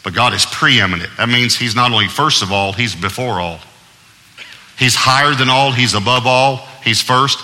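A man preaching a sermon as pastor, emphatic and conversational, with humor and deliberate pauses. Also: medium pitch, pushed and bright, long reverb tail.

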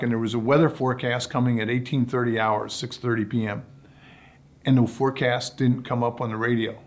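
A man tells long stories about ocean racing as an interview guest. His delivery is relaxed and anecdotal, and his voice sits at a mid pitch. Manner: relaxed anecdotal storytelling, acts out quotes. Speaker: guest, sailor and sailing commentator. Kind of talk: storytelling in a podcast interview.

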